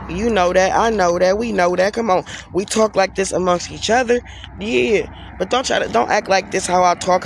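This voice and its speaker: A man in his forties rants bluntly and profanely in a casual monologue, talking outdoors. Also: high-pitched. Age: 40s. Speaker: vlogger. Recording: outdoor street and traffic noise.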